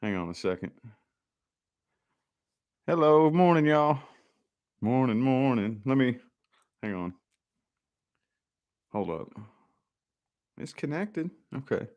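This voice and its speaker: A laid-back man rambles to his live viewers from his home office. His pitch swings up and down a lot as he chats, with a casual drawl full of "y'all" and "man". The talk is loose and friendly, never scripted. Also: very animated, slow, long pauses, dull audio. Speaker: live-stream host.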